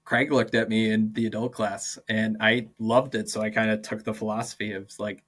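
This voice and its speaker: A young man in his twenties chats as a podcast guest. He tells teaching stories in a lively, animated way, full of "like" fillers and quick laughs, and slips into quoted voices as he goes. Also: fairly low pitch. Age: 20s. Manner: animated, acts out quoted dialogue, many "like" fillers, laughs often. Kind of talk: casual interview storytelling.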